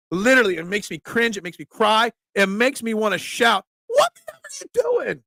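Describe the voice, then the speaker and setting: A man hosting a sports talk show, telling a story in an animated, emphatic casual rant. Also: sits high, vocal fry, no room sound.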